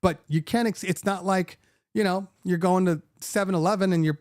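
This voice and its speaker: A man with a somewhat high voice chatting casually on his podcast, recorded dry and close with no room sound. He rambles through stories full of restarts and "like", his pitch climbing as he gets worked up and vents about clients. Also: brisk, no echo. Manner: animated storyteller who gets worked up, pitch rising when venting. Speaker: podcast host and DJ company owner.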